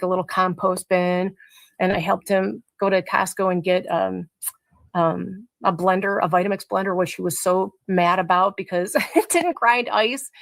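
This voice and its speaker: A woman with a gravelly, creaky edge to her voice, heard as a guest on a live-stream interview. She talks haltingly, restarting and trailing off often. The sound is dry and close. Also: on the low side, no room sound. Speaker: guest, mother in a crash case.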